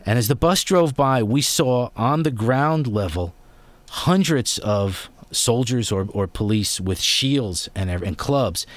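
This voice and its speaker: A man's voice: medium pitch, expressive, takes it slowly, few pauses, no room sound. A man in his forties hosting an interview, chatty and given to rambling anecdotes. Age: 40s. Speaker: interviewer host. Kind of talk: conversational interview.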